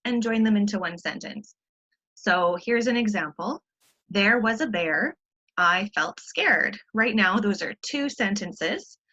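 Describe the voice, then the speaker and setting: A woman's voice: mid-range voice, a bit bright, muffled recording. A woman teacher giving a recorded online grammar lesson, explaining patiently step by step with frequent ums.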